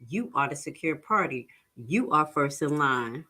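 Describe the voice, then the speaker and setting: A woman's voice: low-pitched, lively intonation, unhurried, few pauses, sharp tone, breathy edge. A woman giving a casual, chatty lesson, reading legal text aloud and explaining it in plain talk. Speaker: tax lien investing instructor. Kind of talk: casual teaching webinar.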